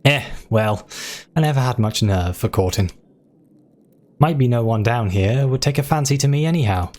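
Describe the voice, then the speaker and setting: A man's voice: mid-range voice, animated, normal speed, close to an everyday voice. A man voicing a shy young male pest exterminator, bashful and folksy. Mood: wistful. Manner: bashful, soft-spoken, folksy.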